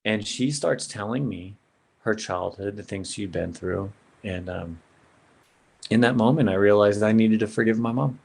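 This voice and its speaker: A man's voice: fairly low pitch, moderate pace, creaky, a little mellow, slightly rough. A man sharing an earnest personal story as a podcast guest, in a casual way with lots of "man" and "bro".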